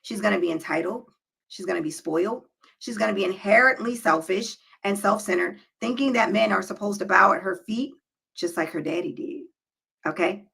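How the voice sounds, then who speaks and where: Speaking directly to the camera, a woman gives her viewers relationship advice in an emphatic, preachy style, frequently checking in with "okay?" and "right?". Her mid-range voice is gravelly, husky, and a bit bright, delivered at a moderate pace over poor audio.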